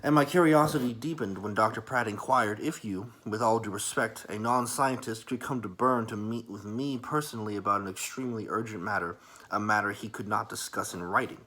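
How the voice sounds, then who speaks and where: Guy playing polite thoughtful young man in his twenties, formal and measured, bright voice, whispered role-play. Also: on the low side.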